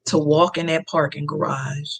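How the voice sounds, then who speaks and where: A woman's voice: low-pitched, level tone, normal speed, husky. A woman, a podcast guest telling a personal story in an earnest, emphatic way and repeating key phrases.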